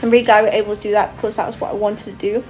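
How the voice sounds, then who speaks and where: A young woman films a travel vlog on a handheld phone, chatting casually and laughing often as she walks around outside and through a hotel room. Her medium-pitched, slightly mellow voice comes out flat and very fast, with music underneath on a rough recording.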